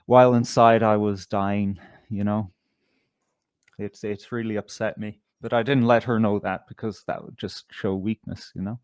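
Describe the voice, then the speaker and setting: A man's voice: on the low side, flat delivery, moderate pace, a little mellow, smooth, dry recording. A man with an Irish accent, co-hosting a comedy podcast, talking casually with lots of hesitant restarts. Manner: hesitant, stammering, dry. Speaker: co-host.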